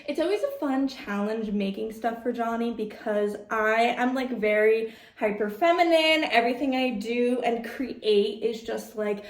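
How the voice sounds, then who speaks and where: A woman's voice: fairly high pitch, a little slow, few pauses, reverberant. A young woman vlogging casually about her crochet projects, chatty and upbeat, packing her speech with fillers. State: out of breath. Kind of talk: casual chat.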